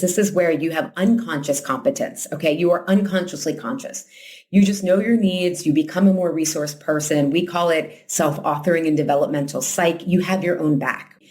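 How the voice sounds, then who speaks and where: Woman, podcast coach, conversational, lower-pitched, acts out quotes, lots of fillers. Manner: animated, acts out quoted voices with big pitch jumps; frequent "like" and "right?" fillers. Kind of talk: casual conversational teaching.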